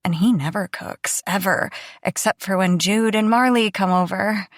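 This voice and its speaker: A woman's voice: mid-range voice, normal speed, dry recording, clean studio sound. A young adult woman narrating a first-person audiobook in a chatty, self-deprecating way.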